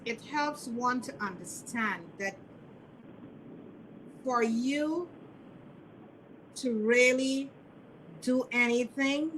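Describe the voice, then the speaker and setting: A woman host speaking slowly and with weight in a casual interview, affirming what her guest said. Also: a bit bright, rough recording. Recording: faint background rumble.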